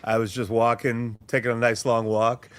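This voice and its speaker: A man appearing as a podcast guest, telling excitable, self-deprecating stories in casual chat. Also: medium pitch, moderate pace, clear, resonant tone.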